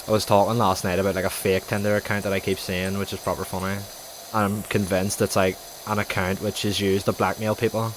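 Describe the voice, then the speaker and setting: A man's voice: deep voice, flat delivery, a little fast, noisy background. A young man, rambling and swearing through casual stories while streaming a game. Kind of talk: casual chat while gaming.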